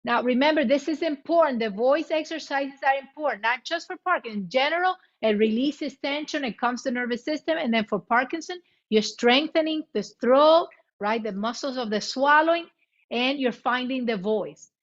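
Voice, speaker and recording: A woman guiding a chair yoga class, giving cues in both English and Spanish and demonstrating loud vocal sounds. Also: high-pitched, normal speed. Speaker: yoga instructor. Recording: muffled lo-fi recording.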